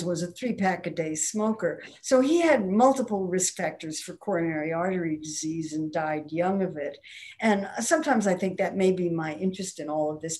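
A woman's voice: mid-range voice, a little mellow. An older woman, a nutrition professor, being interviewed and explaining her views in a wry, emphatic way. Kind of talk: conversational interview.

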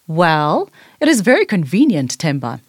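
A woman voicing a patient big sister who explains things to her little brother in a gently bossy way. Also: on the low side, huge pitch swings, normal speed, no room sound, studio quality. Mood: explaining.

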